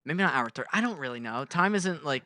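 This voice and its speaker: A man's voice: a little high, expressive, fast, sharp tone, dry recording. A young man co-hosting a podcast, telling a rambling story in casual chat, swearing and acting out the voices of the people in it. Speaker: podcast co-host.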